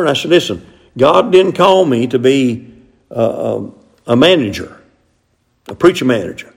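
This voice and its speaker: A man's voice: mid-range voice, expressive, normal speed, vocal fry, darkish tone. An older man, preaching a sermon in a folksy way with frequent amens. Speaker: pastor.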